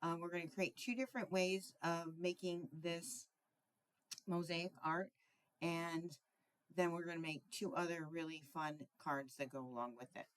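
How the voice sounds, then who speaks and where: Chatty woman with a lowish voice. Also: dry recording. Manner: chatty, searching for words, frequent ums and throat clearing. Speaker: craft tutorial host. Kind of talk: casual card-making tutorial.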